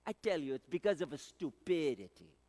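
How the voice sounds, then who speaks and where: A man plays a scheming boss, sly and condescending. His voice sits high and swings widely as he lords it over his worker. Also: sing-song, brisk, mellow, in a large hall. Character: scheming Italian male boss, smug.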